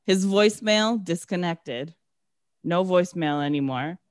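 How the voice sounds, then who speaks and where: A woman's voice: lowish voice, measured pace, no room sound, studio quality. A woman co-hosting a casual podcast, recapping a movie with sarcasm and swearing, acting out the characters' lines. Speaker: podcast co-host.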